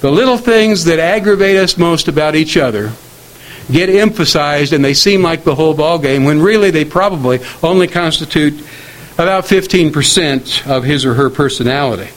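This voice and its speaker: A middle-aged man preaching a sermon on marriage in a measured, earnest way, slowing down to quote scripture. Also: fairly high pitch, a bit bright, rough recording.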